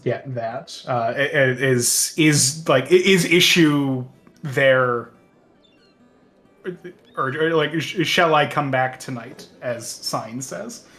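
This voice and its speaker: A man playing in a tabletop game, halting and thinking aloud as he works out his turn. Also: medium pitch, fairly bright tone, faint music behind. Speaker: player. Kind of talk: casual tabletop play.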